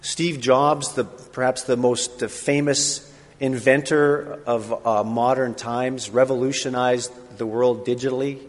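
A male pastor preaching a sermon in a relaxed, conversational way, with pauses and fillers. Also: mid-range voice. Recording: long reverb of a large hall.

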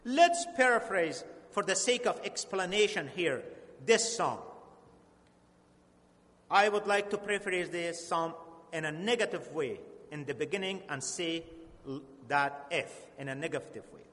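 Earnest high-voiced preacher in a hall. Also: male voice, expressive, a bit bright. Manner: earnest, slow and emphatic, with halting restarts. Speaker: pastor. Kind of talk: sermon. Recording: long hall reverb.

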